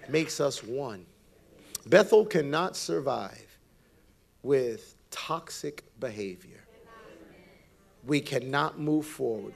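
A man's voice: medium pitch, gravelly. A man preaching a provocative sermon as pastor, acting out the voices of the people he quotes.

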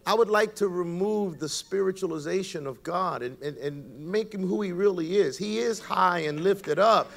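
Animated, joking male pastor preaching. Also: high-pitched, normal speed, gravelly, hardly any pauses. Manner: comic storytelling, acts out quoted voices, swings loud and soft. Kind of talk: sermon.

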